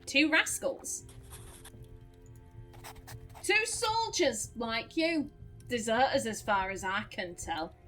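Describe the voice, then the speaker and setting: A woman doing a gruff old farmer man. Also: a little high, expressive, a bit bright, soft background music. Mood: grumbling. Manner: gruff, grumbling, drawn-out put-on accent. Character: gruff old male farmer, guarding his pig. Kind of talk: game let's play, reading dialogue aloud.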